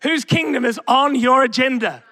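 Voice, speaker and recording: A man's voice: very high voice, moderate pace, pushed and bright, no echo. A young man preaching a sermon as pastor, asking the congregation rhetorical questions and calling out to them.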